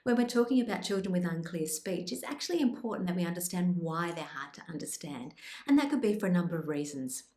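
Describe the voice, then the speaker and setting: A woman speech pathologist presenting tips in an instructional video, with a calm, clear explanatory delivery. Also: lowish voice, fast talker, echoey room. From Australia.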